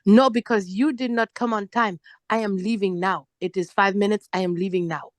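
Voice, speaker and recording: A woman voicing a curt, stiff female rideshare driver who talks in flat, formal, clipped sentences. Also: medium pitch, moderate pace, dry recording, clean studio sound, lightly acted.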